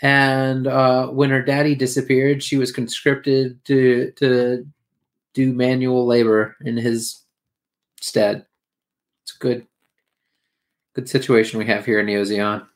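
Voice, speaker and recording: A man's voice: medium pitch, little pitch movement, takes it slowly, pauses often. A man chatting casually as a podcast co-host, recapping an episode in a rambling, crude way full of fillers. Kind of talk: casual chat.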